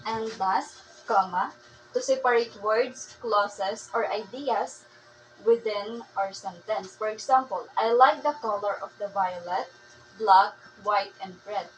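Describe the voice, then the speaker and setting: A woman with a Filipino accent teaching a grammar lesson, reading aloud slowly with fillers and restarts. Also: medium pitch, a little hiss or hum, poor audio. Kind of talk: classroom lesson.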